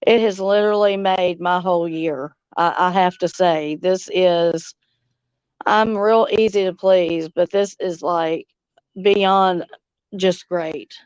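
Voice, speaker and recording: A middle-aged woman from Louisiana with a Southern accent, chatting casually on a livestream and reading comments, slow and drawling, laughing often. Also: fairly low pitch, steady tone, a little mellow, smooth, dry recording, muffled recording. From Louisiana, United States. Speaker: livestream host. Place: outdoors on a front porch swing.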